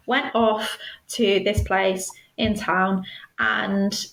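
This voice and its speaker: A woman speaks as an interview guest, recounting her own story in an earnest, measured way. Her voice sits at a middle pitch for a woman. The recording carries the echo of a roomy space. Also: steady tone, gravelly, a bit bright. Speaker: guest, stalking survivor. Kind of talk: personal storytelling in a podcast interview.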